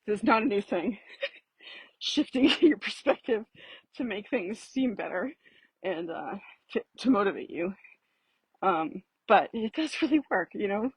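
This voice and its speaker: Woman, husky, dry close sound, winded, rambling reflective vlog talk outdoors. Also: mid-range voice, no echo, rough recording. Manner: rambling, self-interrupting, laughing often. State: out of breath. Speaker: vlogger. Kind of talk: casual reflective talk while walking. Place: outdoors on a street.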